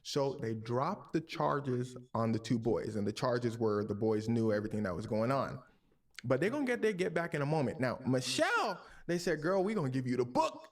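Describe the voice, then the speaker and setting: A man's voice: mid-range voice, expressive, moderate pace. A young man, a streamer host, casually retelling a true story with slangy, jokey commentary.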